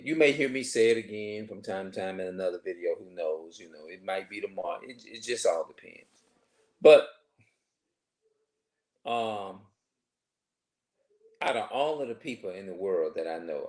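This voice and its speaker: Deep-voiced man in his forties, rambling. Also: darkish tone. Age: 40s. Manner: halting, many restarts and filler phrases. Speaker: vlogger. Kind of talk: rambling personal monologue.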